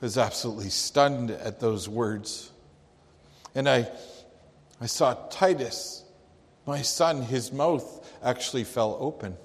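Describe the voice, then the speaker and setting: A man gives voice to a heartbroken Jewish father, speaking in a halting hush as he tells the tale. His delivery is very slow and sits at a middle pitch. The monologue rings out with a long, echoing hall reverb. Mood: stunned. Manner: slow, halting, hushed storytelling. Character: grieving Jewish father of a crucified thief. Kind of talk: dramatic first-person monologue.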